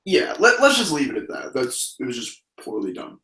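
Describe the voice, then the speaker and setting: A man's voice: mid-range voice, moderate pace, echoey room, rough recording. A man casually co-hosting a wrestling review, talking profanely and breaking into mocking impressions. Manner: profane, animated, does mocking voices. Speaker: podcast co-host.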